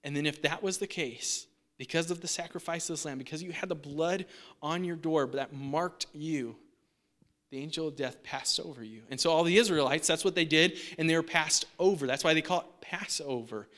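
A male preacher who explains scripture in an easygoing, conversational way. His voice sits a little high and rings bright and forceful. He keeps checking in with his listeners as he talks. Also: normal speed. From United States. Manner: casual, chatty, sprinkles in "like" and "right?". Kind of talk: conversational sermon.

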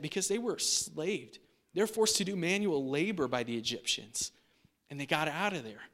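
A male preacher who explains scripture in an easygoing, conversational way. His voice sits a little high and rings bright and forceful. He keeps checking in with his listeners as he talks. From United States. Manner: casual, chatty, sprinkles in "like" and "right?". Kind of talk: conversational sermon.

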